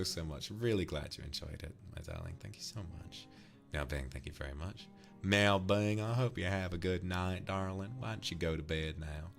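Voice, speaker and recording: A man's voice: very deep voice, creaky. A man streaming, casually chatting and reading out viewer donations in a teasing, affectionate way.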